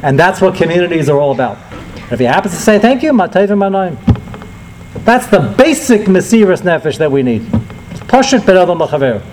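A man's voice: high voice, sing-song, brisk, noisy background. A man who is a rabbi, telling a story in a conversational sermon to a live audience, dropping in Hebrew terms.

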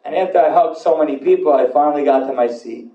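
A man, a rabbi, giving a sermon to an audience, telling a story in an animated way and building to emphatic repeated lines. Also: on the high side, fast, echoey room, distant mic, dull audio. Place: hall with audience.

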